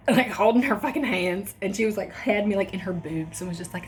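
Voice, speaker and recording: A woman's voice: mid-range voice, fast talker, few pauses, a little hiss or hum. A young woman vlogger telling a personal story in casual chat, candid and swearing often. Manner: candid, swears a lot, acts out quoted voices.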